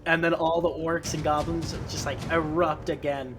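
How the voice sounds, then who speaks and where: A man's voice: fairly high pitch, flat delivery, moderate pace, over music. A man narrating a tabletop game as its game master, in a laid-back way with many fillers and laughs.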